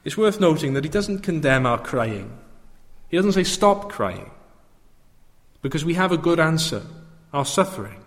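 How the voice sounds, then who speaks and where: An earnest man preaching a sermon, his fairly high voice building to fervent proclamation. His words ring out with a long reverb, as in a church hall. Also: sing-song, normal speed, pauses often.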